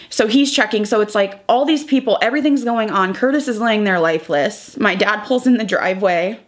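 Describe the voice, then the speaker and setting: A woman's voice: medium pitch, fairly even intonation, normal speed, hardly any pauses. A young woman vlogger, crying as she talks through a painful personal update. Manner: tearful, breaking up while retelling. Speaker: beauty vlogger. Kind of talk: emotional personal vlog.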